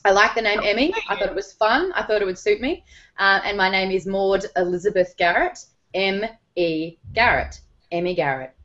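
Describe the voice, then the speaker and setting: A woman, hosting a talk show, telling stories in a playful, animated way. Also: mid-range voice, normal speed, dull audio. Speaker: host. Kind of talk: casual chat.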